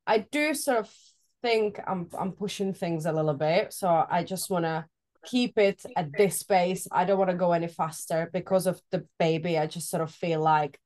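Woman, slightly low voice, casual podcast chat, teasing and talkative. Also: moderate pace, a little mellow. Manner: chatty, teasing, laughs easily. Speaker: fitness coach and co-host.

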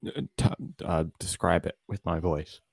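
A man co-hosting a comedy podcast, talking in a deadpan, earnest way. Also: low voice, unhurried, gravelly, slightly rough, no room sound. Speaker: podcast co-host.

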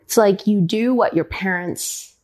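A woman, a ballet dancer, answering interview questions in a thoughtful, halting way, often searching for words. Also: mid-range voice, a little mellow. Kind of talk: interview conversation.

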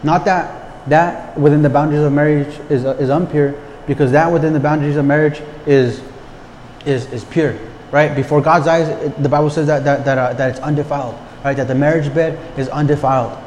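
A man's voice: on the high side, fairly even intonation, fairly quick, darkish tone. A man preaching a conversational sermon, often repeating words and asking the listeners rhetorical questions. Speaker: pastor. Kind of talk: casual sermon. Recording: long hall reverb, faint background noise.

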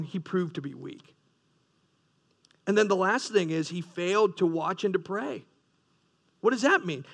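A man's voice: very high-pitched, creaky. A man preaching a sermon, earnest, with rising emphasis and frequent restarts. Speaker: pastor.

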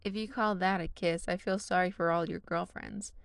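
A woman voicing a cocky, teasing young man, with a brash, mocking way of talking and a low, gravelly voice. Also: steady tone, normal speed, no echo, lightly acted. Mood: indignant.

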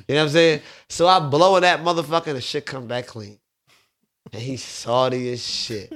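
A man's voice: mid-range voice, fairly bright tone. A man, telling stories in a laid-back, streetwise way in a podcast studio. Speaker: bar owner guest. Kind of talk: casual storytelling.

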